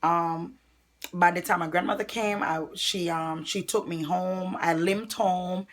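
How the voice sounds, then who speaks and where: A woman's voice: on the low side, unhurried. A woman from Jamaica, telling a personal story to viewers in a storytime vlog. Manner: animated storytelling, addresses viewers directly. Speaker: vlogger.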